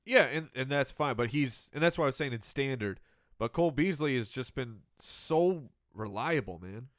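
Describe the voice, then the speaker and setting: A man's voice: mid-range voice, lively intonation, normal speed, no echo, studio quality. A man co-hosting a sports podcast, playful and teasing in casual banter. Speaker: podcast co-host.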